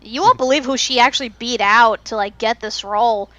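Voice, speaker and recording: A woman's voice: a little high, brisk, a bit bright, dry recording, lo-fi sound. Chatty woman podcast co-host. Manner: chatty, shares trivia with many fillers. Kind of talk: casual chat.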